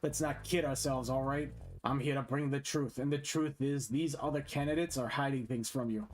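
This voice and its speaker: A man's voice: mid-range voice, steady tone, moderate pace, close to an everyday voice. Sleazy Steve, a man doing a brash sweaty candidate. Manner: brash, dismissive heckling.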